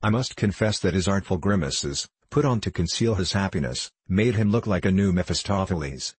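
A man narrating a classic novel as an audiobook, in a measured, formal manner. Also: sits low, lively intonation, breathy edge, no room sound.

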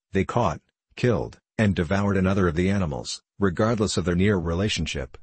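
A man reading an adventure novel aloud as first-person audiobook narration, in a measured storytelling manner. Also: low voice, breathy edge, no room sound.

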